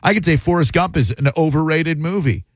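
A man's voice: on the high side, fairly quick, no room sound. A man hosting a call-in radio show, talking in a wry, joking and opinionated way into a studio microphone.

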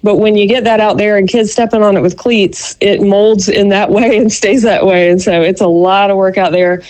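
A woman's voice: medium pitch, steady tone, normal speed, a little mellow, rough recording. A woman giving a chatty local youth sports report, rambling with many fillers. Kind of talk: radio call-in report.

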